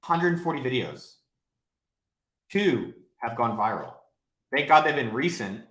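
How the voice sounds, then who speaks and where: Livestreaming from a home office, this man runs a casual Q&A, talking bluntly and profanely as he rambles. His mid-range, slightly bright voice swings widely in pitch at a measured pace, with a roomy echo on the recording.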